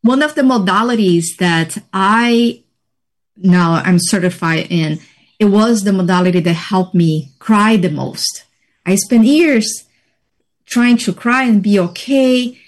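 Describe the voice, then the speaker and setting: Slow, reflective woman sharing her story. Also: medium pitch. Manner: reflective, measured, pauses often. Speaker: interview guest, healing practitioner. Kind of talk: personal story in conversation.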